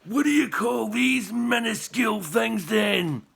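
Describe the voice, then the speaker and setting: A man voicing a ferocious, burly one-eyed Viking who barks and shouts. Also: very high-pitched, drawn-out words, creaky, voice pushed up, exaggerated voice. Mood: furious. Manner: barking, shouting.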